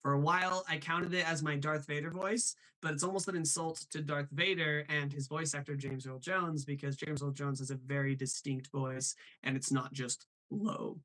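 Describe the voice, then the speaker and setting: A man's voice: a little high, little pitch movement, sharp tone. A man hosting a live show, chatting casually about voice impressions and reading questions from the chat. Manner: chatty, quick asides, reads chat aloud.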